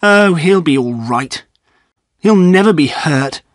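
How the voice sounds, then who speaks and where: A man voicing a young gentleman in an audiobook, anxious and quick to anger, speaking in a raised, bitter tone. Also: on the high side, lively intonation, no echo, studio quality, voice pushed up. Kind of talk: graded-reader audiobook reading.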